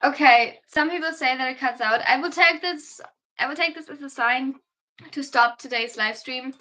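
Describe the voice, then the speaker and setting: A woman's voice: high voice, moderate pace, sharp tone. A young German woman, a non-native English speaker with a German accent, chatting tiredly on her livestream and answering viewer questions. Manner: chatty, reads comments aloud and answers them. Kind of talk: casual livestream chat reading viewer questions.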